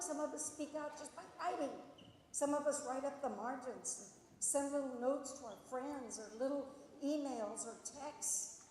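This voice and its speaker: A high-voiced woman speaks at a school assembly, leading the audience through playful step-by-step instructions. Her voice rings through a large auditorium with heavy echo and a long hall tail. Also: slight background noise. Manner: animated, coaching the audience with instructions. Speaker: guest author speaking to students. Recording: echoey auditorium, far from mic.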